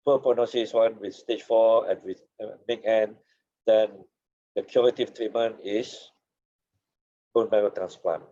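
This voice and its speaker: A man teaching a seminar as a paediatrics lecturer, losing his voice, with a hoarse tone and frequent "okay" and "yeah" tags. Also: lowish voice, warm tone, dull audio. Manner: accented English, drops "okay" and "yeah" tags.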